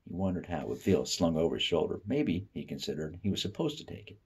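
Appalachian-raised guy reading a short story, low and a bit husky, goes quiet for the thinking parts. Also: fast talker, hardly any pauses. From Appalachian United States. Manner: expressive reading that drops soft and low for inner thoughts. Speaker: reader.

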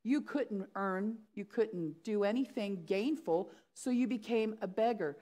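A woman's voice: mid-range voice, a little slow, mellow. A middle-aged woman pastor preaching a sermon, acting out the story's voices with animation.

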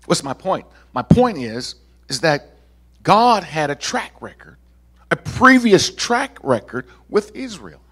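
A male pastor preaching a lively sermon to a congregation, with casual asides and laughs. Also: on the high side, slow pace. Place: church sanctuary.

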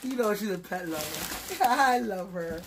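A woman vlogging casually from her bed, gushing and excitable as she opens a gift box, with lots of fillers. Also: mid-range voice, normal speed, heavy background noise. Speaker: YouTube vlogger. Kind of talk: casual unboxing vlog.

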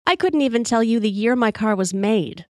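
A woman's voice: on the high side, lively intonation, normal speed, dry recording, clean studio sound. Wry, profane woman telling stories. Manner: wry, profane, conversational storytelling. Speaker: podcast host. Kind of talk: storytelling monologue while drinking whiskey.

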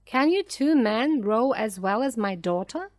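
Kobieta czytająca jako surowy latarnik. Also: female voice, fairly high pitch, lively intonation, a little slow, no echo, studio quality. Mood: firm. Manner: firm, commanding. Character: stern brave male lighthouse keeper, father.

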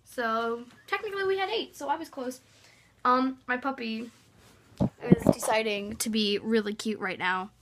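A woman's voice: on the high side, moderate pace, heavy background noise. A young woman vlogging casually, playful and bossy, giggling between lines. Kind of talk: casual comedy vlog.

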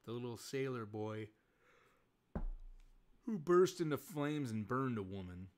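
A man's voice: mid-range voice, animated, unhurried, darkish tone, a little hiss or hum, natural voice. Man doing a sneering comic-book villain. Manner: taunting, contemptuous. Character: sneering adult villain, taunting. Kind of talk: comic read-aloud.

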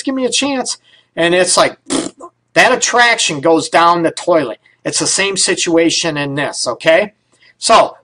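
A man's voice: sits high, a bit bright. A man hosting a live radio relationship advice show, talking bluntly and emphatically in a casual way, with mild swearing. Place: radio studio.

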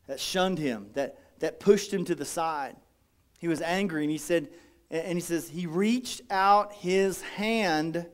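A pastor preaches with a high, light voice for a man. He speaks in an animated, dramatic style and often acts out the voices of his congregation. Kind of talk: sermon.

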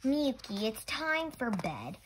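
A woman voicing a patient, weary old grandfather who gently coaxes a child to bed. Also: fairly high pitch, big pitch swings, slow pace, slight background noise, rough recording. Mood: coaxing. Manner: coaxing, repeating gently.

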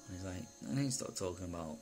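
A man from Wales recounting a personal experience in a rambling, halting way, full of fillers and asides. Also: low-pitched, lively intonation, over music. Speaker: personal testimony speaker.

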